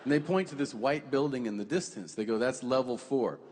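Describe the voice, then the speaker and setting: A man telling stand-up stories in an animated, profane, deadpan style, on a theater stage with a handheld mic. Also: mid-range voice, quick pace, breathy edge, big-room sound. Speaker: stand-up comedian. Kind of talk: stand-up storytelling.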